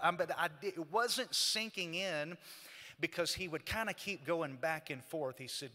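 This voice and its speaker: A man giving a eulogy for his brother at a church memorial service, telling the story in a halting, emotional way and quoting their conversations. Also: fairly high pitch, expressive, sharp tone. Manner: halting, emotional retelling with quoted dialogue. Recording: echoey church hall.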